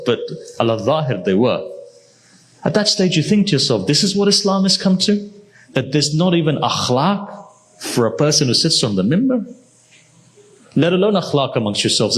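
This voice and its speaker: Man preaching a story-filled sermon. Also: a little high. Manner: storytelling, acting out quoted figures.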